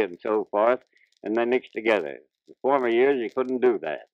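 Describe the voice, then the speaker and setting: A man's voice: medium pitch, a little fast, no room sound. Older man telling folksy stories, dull old recording. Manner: plainspoken old-time storyteller, ungrammatical folksy speech. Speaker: interviewee, retired ballplayer. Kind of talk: folksy storytelling interview. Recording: dull dry 1940s radio transcription.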